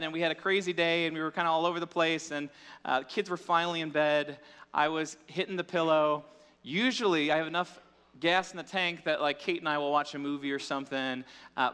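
A man in his thirties preaches a sermon in a church, his voice high and bright. He talks in a candid, conversational way, with fillers and self-corrections. The sound carries a long reverberant hall tail. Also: clear, resonant tone. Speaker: pastor.

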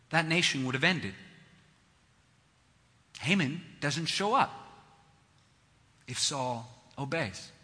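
Bright, husky male preacher in a reverberant hall. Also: a little high. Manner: conversational teaching with emphatic repetition. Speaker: pastor. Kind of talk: sermon.

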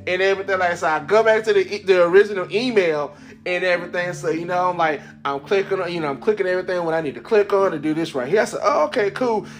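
A man hosting his own podcast, telling a casual story in an animated way, laughing often and acting out the voices of people he quotes. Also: high voice, quick pace, faint music behind. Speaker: podcast host.

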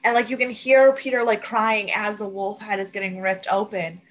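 A woman's voice: medium pitch, moderate pace, rough recording. A woman co-hosting a podcast, casually recapping a TV episode and acting out what the characters said. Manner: animated retelling, quoting characters. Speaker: podcast co-host.

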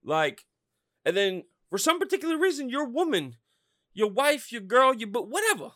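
A man hosting a podcast, ranting about sports in a loud, profane, rambling way. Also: very high-pitched, very animated, moderate pace, no room sound, clean studio sound. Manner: loud, swearing, rambling and fired-up. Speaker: podcast host.

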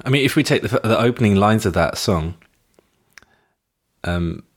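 A man of Indian background co-hosting a podcast, talking thoughtfully and often pausing to find his words. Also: lowish voice, animated, slightly rough. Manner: thoughtful, searching for words, restarts. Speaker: podcast co-host. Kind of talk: casual music discussion.

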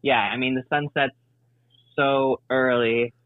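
An easygoing young comedian from Indianapolis, chatting in a meandering way as a guest. He calls in over the phone, so he sounds tinny and dry, with a voice of middling pitch. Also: fairly even intonation, slow, no room sound. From Indianapolis, USA. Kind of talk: casual interview chat. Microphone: phone call.

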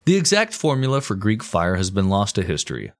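A man's voice: on the low side, wildly swooping pitch, brisk. A man hosting a comedy history podcast, telling the story casually with crude jokes and plenty of swearing. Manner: crude, joking, swears freely.

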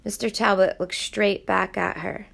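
A woman narrating a novel aloud in a steady, even storytelling voice. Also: medium pitch, measured pace, creaky. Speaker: audiobook reader.

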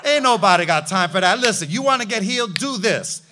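Brief: a blunt, no-nonsense prophet, slow and firm, as a preacher voices him. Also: male voice, sits high, sing-song, sharp tone, voice pushed down, full character voice. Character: calm, blunt older male prophet.

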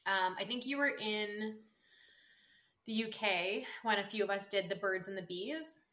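A young adult woman co-hosting a podcast, chatting casually with a friend in an animated, teasing, mock-outraged way. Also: mid-range voice, unhurried. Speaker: podcast co-host. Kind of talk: casual chat between friends.

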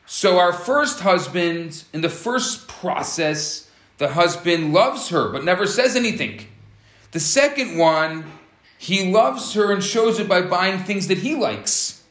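A man gives an explanatory talk, acting out little scenes as he goes. His voice sits fairly high and moves a lot in pitch. The room adds a clear echo. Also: takes it slowly. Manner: animated, explanatory, acts out scenarios. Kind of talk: relationship teaching talk.

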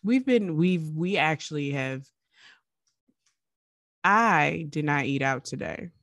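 Low-voiced, wry woman podcast co-host. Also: lively intonation, slow pace, a bit bright, dry recording, studio quality. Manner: chatty storyteller, wry and emphatic. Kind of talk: casual podcast chat.

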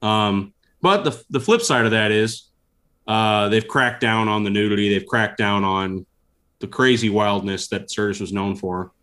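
A man telling stories in a casual interview, animated and laughing as he goes. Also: lowish voice, unhurried. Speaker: guest. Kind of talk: casual storytelling.

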